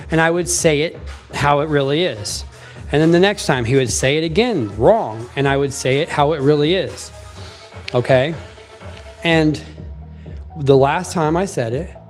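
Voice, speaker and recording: A man in his twenties telling a personal story in a casual, animated, emphatic way, swearing freely. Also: on the high side.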